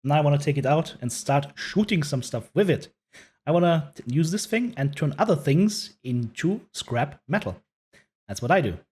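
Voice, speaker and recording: A man's voice: fairly high pitch, animated, normal speed, a little mellow, husky. A man hosting a casual commentary over a video, chatty and prone to repeating himself. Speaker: host reacting to a video.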